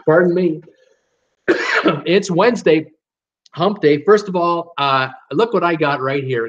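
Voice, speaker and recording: A Canadian man with a medium-pitched voice hosts a casual live cruise show, chatting and rambling with plenty of fillers and some self-deprecation. It's a laid-back live-stream chat, and the recording sounds muffled.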